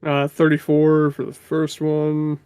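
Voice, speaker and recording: A man's voice: fairly high pitch, completely flat delivery, takes it slowly, darkish tone, clean tone, dry recording. A man playing a tabletop game, talking through his rolls in a matter-of-fact, casual way. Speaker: player.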